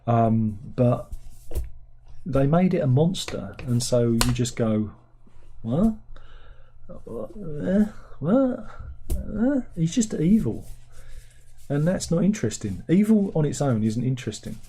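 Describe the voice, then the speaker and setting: Man, livestream host, casual rambling chat, sardonic, mellow, slightly husky. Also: animated, measured pace. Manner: rambling, sardonic, with incredulous high-pitched outbursts.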